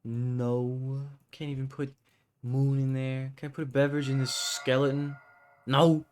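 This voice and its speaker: A man's voice: mid-range voice, completely flat delivery, moderate pace, a little mellow, clear, resonant tone. A man streaming a game, talking to himself in a grumbling, frustrated way. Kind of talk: casual gameplay commentary.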